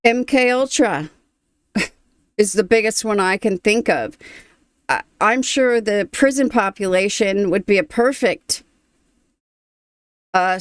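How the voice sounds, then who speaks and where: A woman's voice: medium pitch, clean tone, no room sound, clean studio sound. A woman hosting a reaction video, talking casually, moved and thoughtful, often trailing off.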